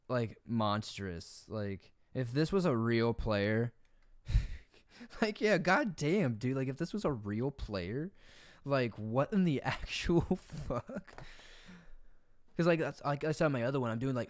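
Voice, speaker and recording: A man's voice: mid-range voice, darkish tone, no room sound. Profane Southern young man streaming a game. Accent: American Southern. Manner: profane, rambling, jokey. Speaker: gaming streamer. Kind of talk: casual gameplay commentary. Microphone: desk mic.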